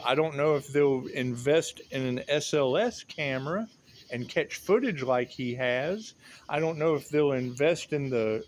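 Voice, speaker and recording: Man in a sardonic, repetitive rant. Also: a little high. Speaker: tarot reader. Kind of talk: rambling monologue.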